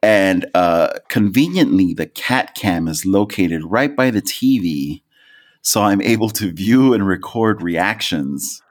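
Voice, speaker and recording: A man co-hosting a podcast, telling a story in casual chat. He is animated, swears freely and breaks into high laughing peaks. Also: slow pace. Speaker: podcast co-host.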